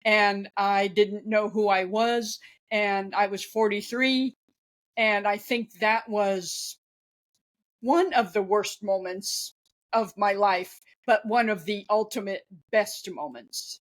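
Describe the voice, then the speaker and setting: A woman's voice: mid-range voice, fairly even intonation, slow pace. A woman in her fifties, a guest author, talking candidly in an interview with easy laughter. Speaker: guest, author and former ghostwriter. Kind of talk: conversational interview.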